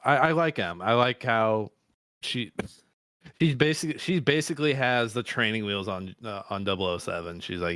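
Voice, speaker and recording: A man's voice: lowish voice, moderate pace, pushed and bright, clean tone, no room sound. Wry joking man, dry podcast mic. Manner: wry, laughs often at his own jokes. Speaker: podcast co-host. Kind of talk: casual chat.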